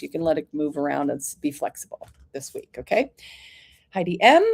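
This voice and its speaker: Her voice sits low as she does live oracle card readings for viewers. Calling each person by name, she keeps things chatty, gentle and reassuring, frequently pausing to clear her throat.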